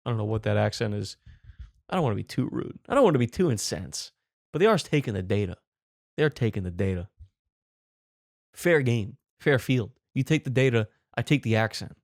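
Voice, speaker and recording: Brash, profane comedy host. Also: male voice, medium pitch, expressive, fairly quick, vocal fry, no room sound, clean studio sound. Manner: brash, profane, mock-exasperated riffing. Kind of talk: comedic news commentary.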